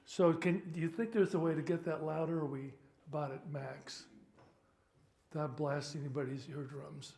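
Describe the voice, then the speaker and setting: Older male clergyman, informal teaching talk, wry asides, voice a touch high. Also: steady tone, moderate pace, gravelly, mellow, a little hiss or hum. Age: 70s. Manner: chatty, joking, stops to sort out sound. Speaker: priest leading a workshop.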